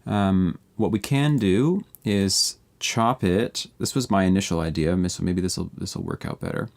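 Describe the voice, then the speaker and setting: A man's voice: low voice, a little slow, a little mellow. A man casually walking viewers through building a beat live and thinking aloud as he edits tracks. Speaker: music producer streamer. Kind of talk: live beat-making walkthrough.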